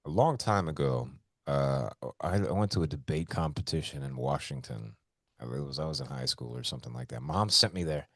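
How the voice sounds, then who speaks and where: Lively, gravelly-voiced man chatting on a podcast. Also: fairly quick, no echo, studio quality. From Hawaii. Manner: animated storytelling, jumps up in pitch for emphasis. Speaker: podcast co-host. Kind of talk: casual comedic chat.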